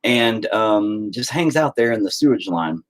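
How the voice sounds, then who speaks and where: A man's voice: fairly low pitch, lively intonation, measured pace. A man, a father, ranting profanely and rambling on a casual live stream, slipping into mock voices. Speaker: livestreamer and father.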